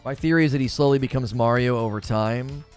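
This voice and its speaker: A man hosting a casual gaming livestream, reading chat and arguing his opinions out loud, now and then mimicking cartoon voices. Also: fairly quick, smooth, faint music behind. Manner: animated, opinionated, thinks aloud; briefly mimics cartoon voices in a high falsetto. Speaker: gaming news host reading live chat.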